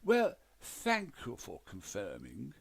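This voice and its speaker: A man's voice: medium pitch, wildly swooping pitch, slow, creaky, husky, full character voice. A man voicing a fussy, pompous, defensive widower. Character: fussy, prim, pompous middle-aged widower.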